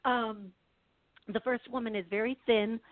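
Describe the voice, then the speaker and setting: A woman's voice: a little high, steady tone, no room sound. Chatty woman radio host, tinny line. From Midwest of the US. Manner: chatty, fast, laughing, many restarts. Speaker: psychic medium radio host. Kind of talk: call-in radio show.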